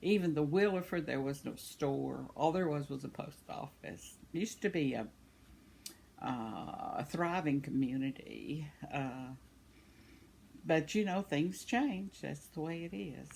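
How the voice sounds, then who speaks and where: An older woman speaks unhurriedly in a low voice that is creaky, husky and a little mellow. Chatting casually at home, indoors, the vlogger laughs often as she reads out comments from her viewers.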